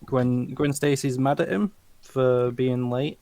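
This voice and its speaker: A man's voice: mid-range voice, steady tone, slow, dark tone, no echo. A man co-hosting a casual comic book chat, recapping the story in an easygoing way. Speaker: comic book podcast co-host.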